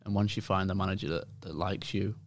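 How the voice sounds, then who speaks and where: A young man with an English accent, a footballer guest chatting casually on a podcast, relaxed and laughing easily. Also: low-pitched, fast. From England. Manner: relaxed, repeats words while thinking, laughs easily.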